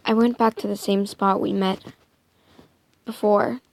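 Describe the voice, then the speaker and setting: Woman making up a story as she goes, slow and gravelly, keeps dropping to a whisper. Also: mid-range voice, fairly even intonation. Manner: hesitant, soft, slipping into whispers, self-correcting. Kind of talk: improvised first-person story narration.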